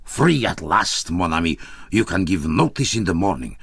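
A hearty, overconfident schemer who brushes off every worry, his voice dropping low and slow, as a storyteller puts him on. The sound is dry, close and husky. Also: very animated, fairly bright tone, dry recording, full character voice.

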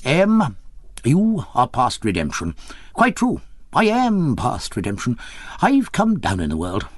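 A man's voice: mid-range voice, breathy edge, dry recording, studio quality. A man voicing a half-drunken, educated man of about fifty with a posh, quavering, slurred way of speaking.

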